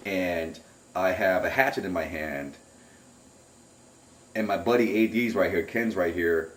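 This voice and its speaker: A man's voice: low-pitched, unhurried, slight background noise. Man telling a story in an echoey room. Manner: rambling, excitable storyteller who acts out remembered shouts. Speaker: interviewee recounting a camping trip. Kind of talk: casual spoken recollection. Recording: roomy, distant home recording.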